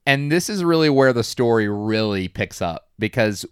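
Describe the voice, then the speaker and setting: A man's voice: medium pitch, animated, moderate pace, clean tone, no echo, clean studio sound. A man co-hosting a casual movie podcast, retelling scenes and acting out the characters' lines. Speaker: podcast co-host. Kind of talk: casual movie recap chat.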